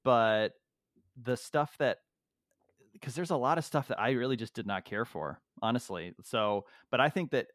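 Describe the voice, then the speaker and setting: A man of ordinary pitch co-hosts a podcast from home, rambling and cracking jokes with plenty of restarts. His voice sounds dry and close, with no room around it, as if recorded over a remote call. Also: lively intonation, moderate pace, no echo. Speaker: podcast co-host. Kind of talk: casual chat.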